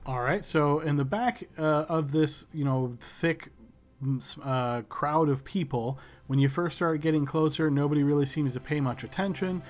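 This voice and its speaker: A man narrating a tabletop game as game master, descriptive and unhurried with many fillers. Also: a little high, faint music behind.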